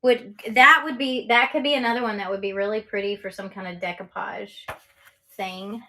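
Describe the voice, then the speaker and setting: A woman's voice: mid-range voice, steady tone, moderate pace, sharp tone, a little hiss or hum. A woman running a casual live-selling stream as an online auction seller, chatty and cheerful, with lots of ums and laughs.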